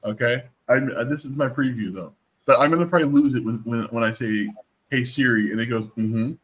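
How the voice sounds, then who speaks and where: A man's voice: medium pitch, brisk, fairly bright tone. A man streamer in casual chat, talking in a playful, teasing, joking way.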